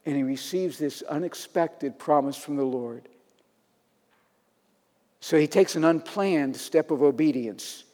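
A man's voice: fairly high pitch, a little slow, long pauses, dark tone. A man preaching a sermon in a conversational, storytelling manner, acting out quotes as he goes. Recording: long reverb of a large hall.

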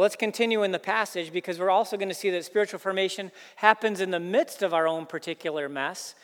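A pastor preaching a sermon, earnest, building emphasis through repeated phrases. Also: male voice, high voice, big-room sound.

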